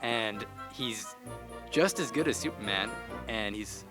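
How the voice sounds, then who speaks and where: A man's voice: lowish voice, expressive, slow, over music. A teenage boy competing in a comedy debate, rambling with fillers and hamming up mock accents. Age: teens. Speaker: contestant.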